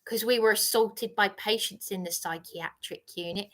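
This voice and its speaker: A woman's voice: medium pitch, moderate pace, fairly bright tone. A woman ranting angrily on a livestream, accusing and repeating herself. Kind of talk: angry livestream rant.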